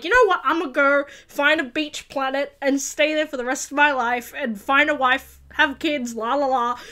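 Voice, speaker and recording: A young woman hosting a reaction video, chatting excitedly and getting emotional as she comments. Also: sits high. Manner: gushing, emotional, laughs and cries easily.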